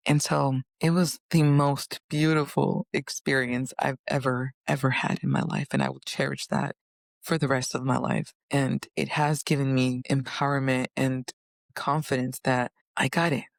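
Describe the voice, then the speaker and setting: A woman tells her own story in an earnest, animated monologue, her voice gravelly with a bit of fry. She speaks close to the mic in a dry space. Now and then she acts out inner voices and conversations in a higher pitch. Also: moderate pace, no room sound. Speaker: vlogger.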